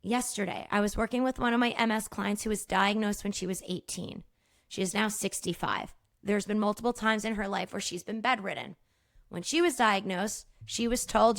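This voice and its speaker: A woman who works as a movement practitioner, hosting her own podcast and talking directly to listeners in an emphatic, energetic way. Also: mid-range voice, normal speed, creaky, dry recording, studio quality. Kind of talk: solo educational podcast talk.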